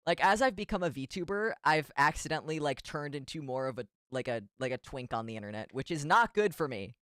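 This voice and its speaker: A man's voice: a little high, expressive, fairly quick, bright, forceful tone, clean tone, no room sound, clean studio sound. A man streaming as a VTuber in casual chat, rambling and giggly with self-deprecating asides.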